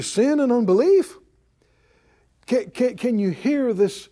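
A man's voice: very high voice, lively intonation, slow, pauses often, warm tone. A man preaching a sermon in an emphatic, pleading way, repeating phrases for weight. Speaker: pastor.

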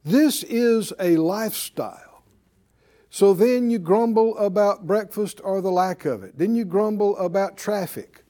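A man's voice: sits high, unhurried, dark tone. A man preaching a sermon, who keeps quizzing his listeners with "Huh?". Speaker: preacher and Bible teacher.

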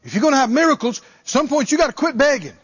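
A man's voice: extremely high pitch, very animated, racing, fairly bright tone, dull audio. A male preacher delivering a dramatic sermon, acting out pleading prayers and firing off rhetorical questions in folksy phrasing.

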